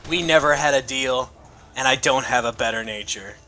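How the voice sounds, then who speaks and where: A man voicing a grim male vigilante in a flat, blunt tone. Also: medium pitch, moderate pace, soft background music, natural voice.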